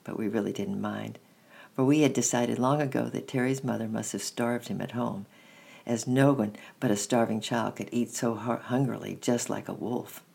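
A man reading a children's story aloud in a steady, measured first-person narration. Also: medium pitch, gravelly, breathy edge.

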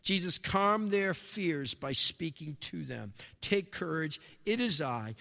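A man preaching a sermon as pastor, swinging between emphatic raised lines and hushed, quiet ones. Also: a little high, lively intonation, takes it slowly, gravelly, long reverb tail.

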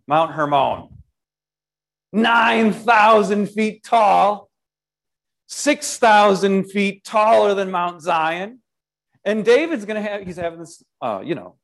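A man with a high-pitched voice delivers a sermon at a slow, deliberate pace. He leans on his key words and speaks directly and playfully to his listeners, the way a pastor talks to his own congregation. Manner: emphatic, lingering on key words.

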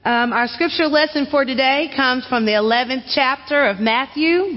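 A woman's voice: sits high, normal speed. A woman from Arkansas, a guest preacher delivering a sermon in a folksy, friendly manner. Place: church sanctuary. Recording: dull sound in a reverberant church.

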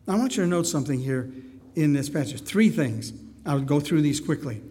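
A man's voice: fairly high pitch, lively intonation, fairly quick, mellow. Man preaching in an echoing church. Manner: asks the congregation many questions. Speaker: pastor. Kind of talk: sermon. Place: church sanctuary. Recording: long hall reverb.

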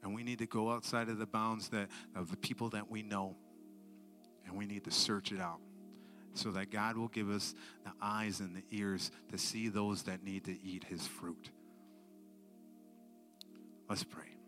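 A man preaching a sermon with a story, moving between hushed near-whispers and loud, excited telling. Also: on the low side, normal speed, faint music behind. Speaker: speaker at school assemblies and church event.

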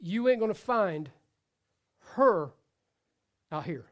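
Male pastor, high-pitched, conversational sermon delivery with restarts and asides. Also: animated, takes it slowly, dull audio. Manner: conversational preaching with repetitions and asides.

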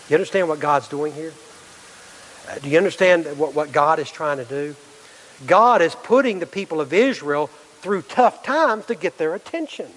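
A middle-aged man preaches with earnest conviction, often stopping to ask his listeners questions and restarting his sentences. His voice sits a little high for a man. It rings out with the long reverb of a large church hall. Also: fairly bright tone, slight background noise. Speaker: pastor. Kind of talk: sermon.

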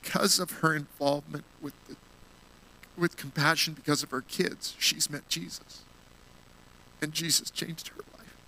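Bright-voiced man preaching. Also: a little high, poor audio. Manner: earnest storytelling, gets emotional. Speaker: guest speaker at a church. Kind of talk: sermon.

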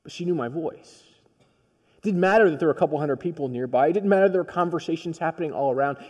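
A male pastor preaching a sermon, telling a story in a personal, conversational way that swings from quiet to emphatic. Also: on the high side, animated, quick pace, big-room sound.

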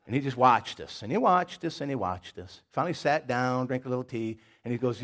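A man's voice: medium pitch, animated, brisk, hardly any pauses, fairly bright tone. A man preaching a sermon in a folksy, conversational way, with jokes and stories and a Southern US accent. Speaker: pastor. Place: church.

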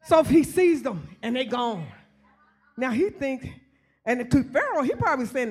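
A woman preacher giving a shouted, repetitive sermon in a church, calling out congregants by name and drawing responses. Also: sits high, big pitch swings, moderate pace.

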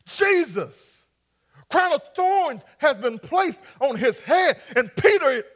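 A man's voice: very high voice, sing-song, takes it slowly, a bit bright. A man preaching a sermon, acting out scripture scenes and coaxing his congregation to respond. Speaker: pastor.

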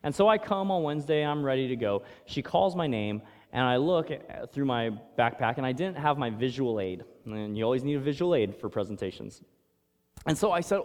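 A man preaching a sermon, telling a personal story, swinging from loud emphatic lines to hushed ones. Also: mid-range voice, expressive, a little fast. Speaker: pastor. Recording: long hall reverb.

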